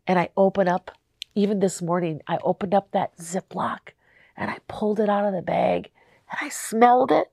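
A woman's voice: medium pitch, moderate pace, creaky, a little mellow, no room sound. Young adult woman, podcast host. Earnest and tearful at times, speaking straight to her listeners. Dry, close-miked sound. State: crying at times. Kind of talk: heartfelt faith podcast talk.

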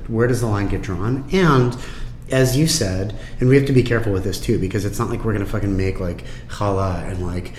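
Man from the United States, chef, blunt and animated, lowish voice, echoey room, faint noise. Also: brisk. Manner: blunt, swears freely, animated. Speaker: chef and restaurateur. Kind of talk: casual conversation.

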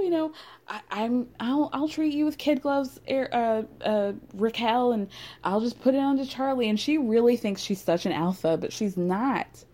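A woman's voice: on the high side, a little mellow. A young woman casually recapping a reality TV episode with chatty, sarcastic asides.

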